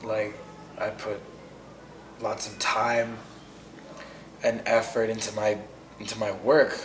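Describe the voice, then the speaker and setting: A man's voice: lowish voice, flat delivery, slow pace, slight background noise. A man delivering a rambling, conversational spoken-word rant over a music track. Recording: roomy echo over loud music.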